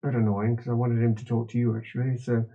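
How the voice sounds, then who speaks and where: A man's voice: mid-range voice, level tone, fast talker, warm tone, lo-fi sound. A man, narrating as game master of an improvised tabletop game and slipping in and out of character voices. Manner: switches between many British-styled character voices.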